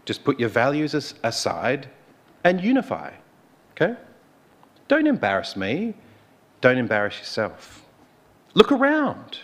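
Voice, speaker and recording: A man's voice: mid-range voice, huge pitch swings, measured pace, pauses often. A man preacher voicing a smarmy, arrogant ancient king who coaxes and pushes during a sermon story. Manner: coaxing, pushy questioning.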